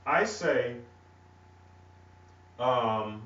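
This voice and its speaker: A man's voice: medium pitch, expressive, fairly bright tone, distant mic. A man with a country North Carolina twang teaches a religious lesson. He speaks in stop-start phrases and checks in with his listeners. His voice comes from off-mic in an echoey room, and the sound is dull and lo-fi. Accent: rural North Carolina. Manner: halting and repetitive, checks in with "all right?". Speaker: ministry teacher. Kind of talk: teaching a religious lesson while writing on a board.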